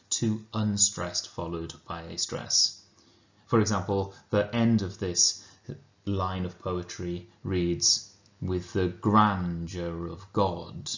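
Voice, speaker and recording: A man with a Welsh accent teaching a lesson, explaining slowly and carefully, then reading a poem aloud. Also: sits low. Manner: slow, measured explanation. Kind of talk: recorded lesson and poetry reading. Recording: roomy, dull lo-fi recording.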